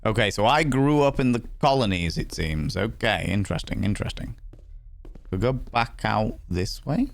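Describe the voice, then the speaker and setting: A man's voice: on the low side, lively intonation, normal speed, vocal fry, no room sound. A man giving chatty, playful let's-play commentary, greeting viewers and swearing freely. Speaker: streamer.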